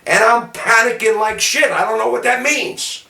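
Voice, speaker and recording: A man from City, telling salty anecdotes about his bartending days in a lively, gesturing way. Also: very high-pitched, normal speed, gravelly. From Jersey City, New Jersey, US. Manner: animated, gestures while talking, salty. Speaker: storyteller, former bartender. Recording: roomy sound from a distant mic.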